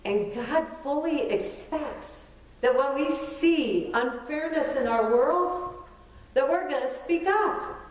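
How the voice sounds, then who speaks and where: A woman's voice: high-pitched, lively intonation, slow. A middle-aged woman pastor preaching a sermon in a conversational, self-deprecating way, pressing her points with emphasis. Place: church sanctuary. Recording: very echoey church from far off.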